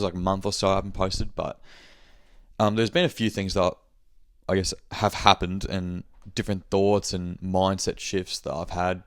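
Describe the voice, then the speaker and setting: A man's voice: low-pitched, dry recording, studio quality. A young man hosting his own podcast, chatting loosely on his own with lots of fillers and casual swearing. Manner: loose and rambling, heavy filler "like", frequent swearing. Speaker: podcast host. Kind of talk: casual solo chat.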